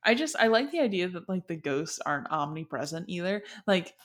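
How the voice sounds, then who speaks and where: A young woman co-hosting a casual chat, retelling a story in an animated way with lots of filler words. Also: on the low side, a little fast.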